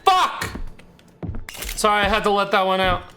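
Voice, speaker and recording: A man streaming a horror game talks to himself and the game in a jittery way, repeating lines when scared. His high voice comes out rapid-fire, flat and sharp, with soft music in the background.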